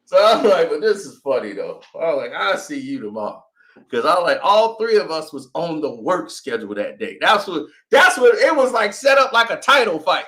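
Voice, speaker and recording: A man's voice: fairly high pitch, moderate pace. A man in his thirties telling a story in casual chat, acting out the voices of the people in it and laughing often. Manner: animated, acts out quoted voices, laughs often. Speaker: host.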